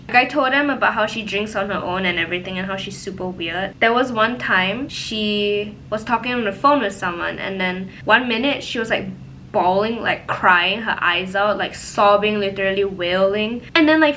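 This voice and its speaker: A young woman tells a story from her life in a loose, animated way, peppering her talk with "like" fillers. Her voice is bright and crisp, sitting at an ordinary middle pitch. A faint low rumble hums behind her. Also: rough recording. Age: young adult. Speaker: vlogger. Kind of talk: casual storytime. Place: home, indoors.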